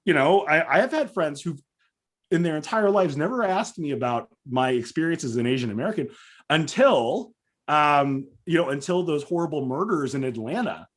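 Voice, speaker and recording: A man's voice: fairly high pitch, lively intonation, normal speed. A man from Southern California speaking as a podcast guest, earnest and emphatic, with frequent fillers. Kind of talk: conversational interview.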